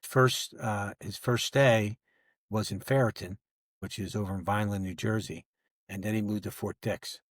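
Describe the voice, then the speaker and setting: A man's voice: fairly low pitch, steady tone, normal speed, no echo, clean studio sound. An older man, a retired federal agent, telling a long story in casual podcast talk and acting out both sides of old conversations. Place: podcast recording setup.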